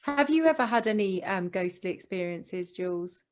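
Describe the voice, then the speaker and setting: A woman's voice: medium pitch, animated, moderate pace. A woman co-hosting a casual podcast chat, curious and asking questions. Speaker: podcast co-host.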